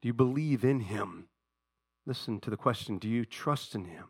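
A man preaching a sermon, telling a story from an old TV show in a conversational way and pausing to ask his congregation questions. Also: mid-range voice, lively intonation, creaky, darkish tone, breathy edge, dry recording, clean studio sound. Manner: conversational storytelling, retells a TV episode with asides to the congregation. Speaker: pastor.

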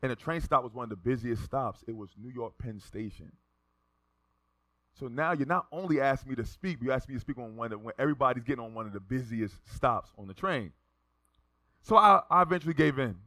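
A male pastor preaching a sermon, telling a story with lively delivery and acting out the people in it. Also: medium pitch, quick pace, dry recording. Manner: animated, acts out the voices of people in his stories.

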